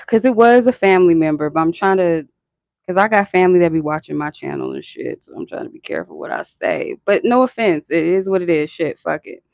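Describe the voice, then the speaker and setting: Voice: medium pitch, sing-song, brisk, gravelly, darkish tone, dry recording. A channel host talking in a casual, rambling and profane way, full of "like" and laughter. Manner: frequent filler "like" and laughter. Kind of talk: casual chat.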